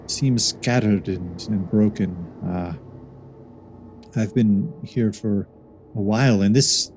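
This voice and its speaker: A man voicing a mysterious woman who tends a sick man, speaking in a measured, halting way with pauses. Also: on the low side, a little mellow, slight background noise.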